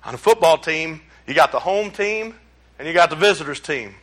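A man with a high, ringing voice preaches with a drawl. He sounds middle-aged, talking to his congregation in a folksy, plain-spoken way and pushing his points home with loud, emphatic bursts. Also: animated, normal speed. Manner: folksy and emphatic, with rising exclamations. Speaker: pastor. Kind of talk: sermon.

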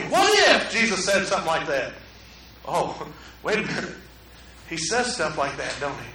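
Folksy preacher in echoey hall. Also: male voice, on the high side, sing-song, moderate pace, bright, forceful tone, far from the mic, a little hiss or hum. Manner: folksy storytelling, acts out quotes. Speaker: pastor. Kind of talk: sermon. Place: church sanctuary.

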